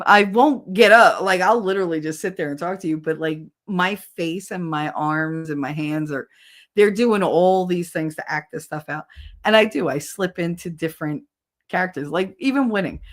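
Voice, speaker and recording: A woman co-hosting a livestream, chatting casually and animatedly with viewers. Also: on the low side. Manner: animated, switches voices and laughs easily. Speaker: livestream co-host.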